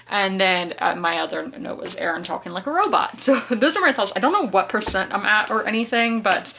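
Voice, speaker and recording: A woman's voice: mid-range voice, brisk, creaky, few pauses, pushed and bright. A woman, chatting casually to camera about books she is reading and laughing often. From South Carolina, US. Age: 20s. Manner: chatty, giggly, talks through her opinions. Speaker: book vlogger. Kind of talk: casual reading vlog chat.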